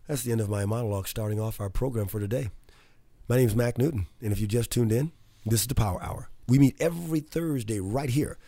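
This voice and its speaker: Chatty excitable radio host, warm-toned man. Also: mid-range voice, no room sound. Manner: chatty, excitable, laughs often. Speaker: radio talk show host. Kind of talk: casual radio talk and monologue.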